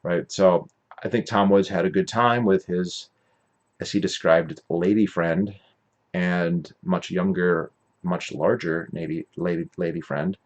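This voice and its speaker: A man's voice: sits low, fairly even intonation, a little slow, highs cut off. A man hosting his own podcast, recapping an event in a rambling, opinionated monologue and often correcting himself mid-sentence. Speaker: podcast host.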